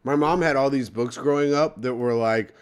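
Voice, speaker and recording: A man's voice: mid-range voice, normal speed, clear, resonant tone. A young man co-hosting a podcast, chatting casually in a joking, self-mocking, rambling way. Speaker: podcast co-host. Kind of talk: casual chat.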